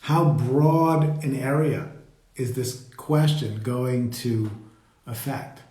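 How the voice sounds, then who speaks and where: A man leading a live meditation talk, speaking slowly and reflectively and greeting viewers as they join. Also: mid-range voice, a little mellow. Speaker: meditation teacher. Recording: roomy echo.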